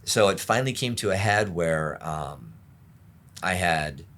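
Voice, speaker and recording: A middle-aged man with a very low, deep voice speaks candidly as a pastor being interviewed. He tells his story openly and pokes fun at himself, his deep tone staying low as he talks. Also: expressive, a little slow, a bit bright. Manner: open, self-deprecating, laughs at himself.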